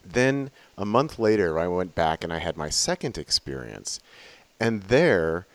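A man's voice: low-pitched, sing-song, unhurried. A man who works as a psychedelic facilitator, earnestly and openly recounting personal experiences in conversation. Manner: earnest, emotionally open recounting.

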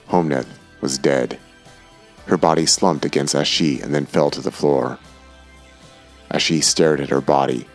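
Brief: male audiobook narrator, extremely low voice, faint music beneath.

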